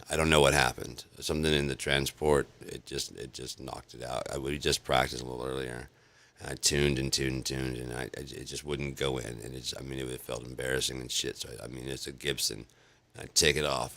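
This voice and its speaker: Very deep gravelly man, rambling and profane. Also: steady tone, a little fast, fairly bright tone. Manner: rambling, profane, restarts often. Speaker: vlog host. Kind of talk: casual storytelling monologue.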